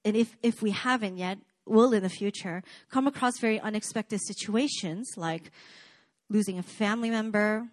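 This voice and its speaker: A woman's voice: medium pitch, normal speed. A woman preaching a sermon in a casual, chatty way, with many fillers and asides to the congregation.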